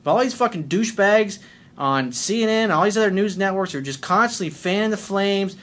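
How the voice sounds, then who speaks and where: A man's voice: high voice, animated, a little fast, a bit bright. A man working as a life coach, delivering a blunt, combative rant to camera, swearing constantly.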